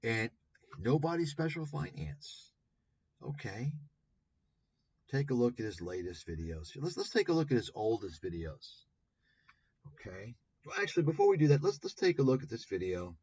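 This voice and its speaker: A man's voice: mid-range voice, very animated, normal speed, long pauses, darkish tone, slightly rough, dull audio. A man hosting a livestream, talking in a sarcastic, profane, rambling way. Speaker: livestream host. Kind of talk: livestream commentary.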